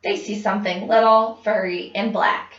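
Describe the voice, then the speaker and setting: A woman clinician speaking slowly and distinctly, giving prompts for a child to repeat and then narrating. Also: mid-range voice, steady tone, fairly bright tone. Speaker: speech clinician giving a test. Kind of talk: slow, clear test prompts and narration. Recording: muffled, distant lo-fi recording.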